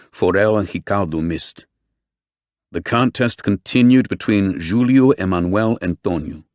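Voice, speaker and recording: Brief: male audiobook reader, low voice, dry close mic, steady measured delivery. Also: dry recording. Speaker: audiobook narrator. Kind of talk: scripted narration.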